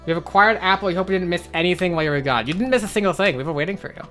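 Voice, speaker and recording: A woman's voice: lowish voice, racing, fairly bright tone, soft background music. A young adult woman streaming a game, chatting casually and rambling with many fillers and restarts. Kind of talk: casual chat while gaming.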